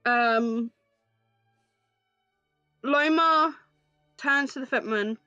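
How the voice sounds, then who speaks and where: A woman's voice: high-pitched, drawn-out words, bright, forceful tone, clean tone, no echo, dull audio, soft background music. A woman narrating as game master of a tabletop game, in a descriptive storytelling manner over a call mic.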